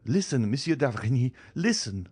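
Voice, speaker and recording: A man's voice: medium pitch, sing-song, normal speed, darkish tone, slightly rough, pitched above the performer's own voice. A man voicing an anguished young man who pleads and swears vengeance in an impassioned voice. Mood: urgent pleading.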